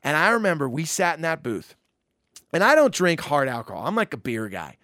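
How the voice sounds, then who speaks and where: A middle-aged man telling a loose, animated anecdote from his days in a band, full of "you know" and "like". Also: a little high, brisk, dry recording, studio quality. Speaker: musician telling a story. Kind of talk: casual anecdote storytelling.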